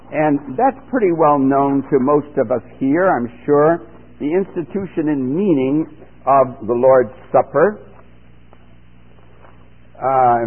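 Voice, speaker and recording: A husky, mid-range male voice delivers a radio sermon, reading scripture aloud as a Bible teacher and then explaining it plainly with rising emphasis. The old broadcast sounds phone-like, with long reverb.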